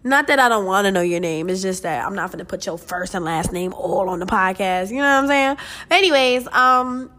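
A woman's voice: mid-range voice, brisk, pushed and bright. A young woman hosting her own podcast, talking straight to listeners in an earnest, emotional, casual way, swearing freely and calling them "you guys". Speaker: podcast host. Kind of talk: motivational casual podcast monologue.

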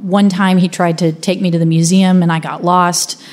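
A woman's voice: on the low side, little pitch movement, moderate pace, darkish tone. A young adult woman from the United States telling a personal story in a conversational, vivid way. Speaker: speaker. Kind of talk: first-person storytelling talk.

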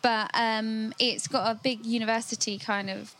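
A woman's voice: on the high side, little pitch movement, moderate pace, a bit bright. A woman chatting as a podcast guest, talking in a chatty way with lots of fillers and giggles. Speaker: magazine web assistant, guest. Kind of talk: casual podcast chat.

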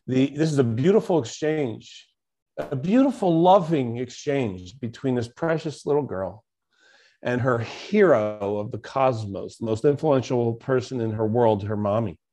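Man, mid-pitched, reflective, storytelling, coach in an interview, quotes mantras. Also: animated, measured pace, warm tone. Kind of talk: conversational interview.

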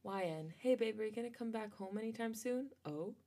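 A woman's voice: on the high side, fairly quick, dark tone. A young woman co-hosting a podcast, reading fan fiction aloud and often giggling at it. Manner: breaks into giggles while reading. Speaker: podcast co-host.

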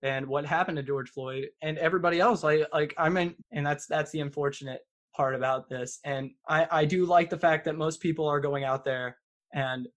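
A man hosting a podcast in casual chat, rambling with halting restarts. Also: on the high side, steady tone, a bit bright. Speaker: podcast host.

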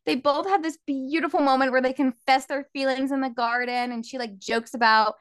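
A woman's voice: high voice, brisk, no room sound. A woman co-hosting a podcast, eagerly retelling a story in casual chat and filling her sentences with "like". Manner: animated plot retelling, lots of filler "like". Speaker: podcast co-host. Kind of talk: casual book recap chat.

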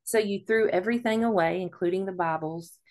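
A woman's voice: mid-range voice, a little fast, a little mellow. A woman hosting an interview, asking questions and affirming her guest often. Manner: supportive, frequent affirming backchannels. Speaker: podcast host.

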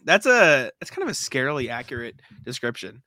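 A man co-hosting a casual sports podcast, recapping a game with frequent throat clearing and stammered restarts. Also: medium pitch, very animated, fairly quick, bright, forceful tone. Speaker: podcast co-host.

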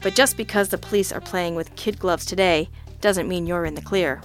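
A woman voicing a calm, courteous male private detective who speaks firmly. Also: on the low side, moderate pace, faint music behind, lightly acted. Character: brisk, polite adult male private detective.

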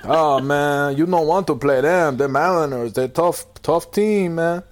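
A man's voice: fairly high pitch, unhurried, voice pushed up, natural voice. A man doing a slangy, drawling impression of a laid-back streetwise guy who says "man" a lot.

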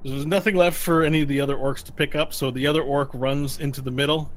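A man's voice: fairly high pitch, fairly even intonation, fast, slight background noise. A man narrating as game master of a tabletop game, laughing often and correcting himself as he goes. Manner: loose, rambling and self-correcting.

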